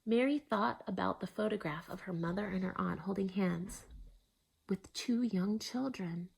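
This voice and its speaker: A woman reading a children's novel aloud, expressive, with soft hushed asides. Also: medium pitch, normal speed, creaky. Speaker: storyteller. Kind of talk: storybook reading.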